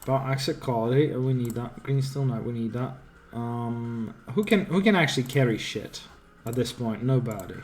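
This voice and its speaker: Fluchender Gamer, der laut denkt. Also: male voice, medium pitch, normal speed, darkish tone, slight background noise. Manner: thinks aloud, swears freely. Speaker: game streamer. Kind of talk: casual gameplay commentary.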